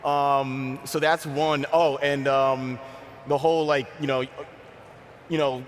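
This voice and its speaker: A man's voice: medium pitch, flat delivery, slow pace. A man on a conference panel speaks in a candid, wry way, leaning on "you know" as he goes. His voice sits in the middle range. The hall adds a long reverb and a faint background hiss.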